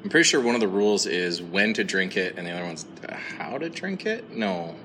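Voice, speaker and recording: A man's voice: sits low, big pitch swings, a little fast, pushed and bright, a little hiss or hum. A man playing along in a casual podcast trivia quiz, thinking aloud and laughing often. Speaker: quiz contestant.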